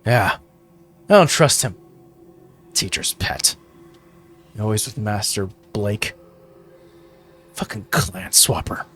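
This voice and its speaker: A man voicing a distrustful, surly male gang member in a tabletop game, muttering low and half-whispered. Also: expressive, takes it slowly, long pauses, a bit bright, faint music behind. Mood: resentful.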